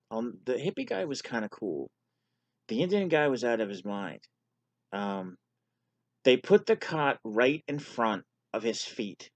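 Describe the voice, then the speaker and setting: On his vlog, a man casually shares a personal story, candid and poking fun at himself. His voice is mid-range and the recording is dry.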